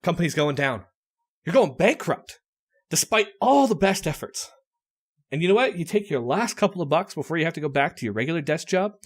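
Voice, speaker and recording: Lively animated podcast host guy. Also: on the high side, a little fast. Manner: animated storytelling, laughs often. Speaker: podcast host running a party game. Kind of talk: casual chat.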